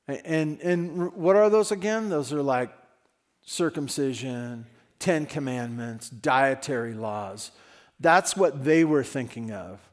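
A man preaching a sermon in a conversational way, his voice rising and dropping in level. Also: mid-range voice. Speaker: pastor.

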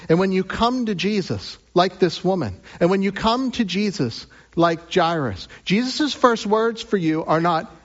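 A man preaching a sermon as pastor. He moves between raised, emphatic lines and hushed, drawn-out phrases with long pauses. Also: on the high side, lively intonation, muffled recording.

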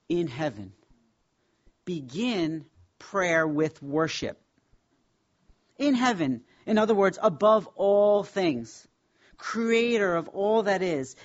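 A man teaching a Bible class, speaking in an emphatic, reverent way and slowing down to stress key words. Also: high-pitched, muffled recording.

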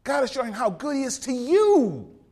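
A man preaching a rousing sermon, swinging from loud peaks to hushed passages and quoting scripture in old King James wording. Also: extremely high pitch, wildly swooping pitch, normal speed.

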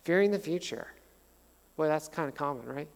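Animated pastor preaching in a reverberant hall. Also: male voice, a little high, moderate pace, vocal fry. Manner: conversational, animated storytelling with humor. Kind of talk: sermon.

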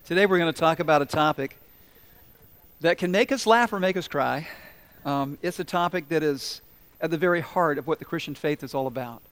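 A man's voice: a little high, a little fast, fairly bright tone. A man preaching a sermon, telling humorous stories and asking the congregation questions. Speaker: pastor.

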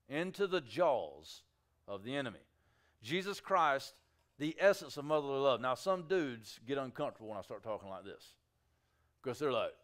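Male pastor, slightly higher pitch, clear smooth voice; dynamic sermon delivery, shifts from hushed to loud. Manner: emphatic preaching with rising shouts and quiet drops. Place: church sanctuary.

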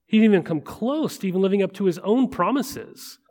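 A man preaching a sermon in a conversational way, often checking in with listeners and slowing to a hush at weighty moments. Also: sits high, lively intonation. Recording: long reverb of a large hall.

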